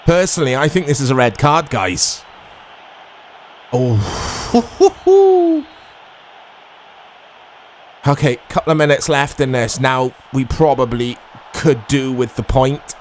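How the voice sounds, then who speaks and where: A man in his thirties casually commentating his own football video game, chatty and quick to get excited. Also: mid-range voice, slight background noise. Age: 30s. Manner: chatty, easily excitable, self-deprecating. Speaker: gaming YouTuber.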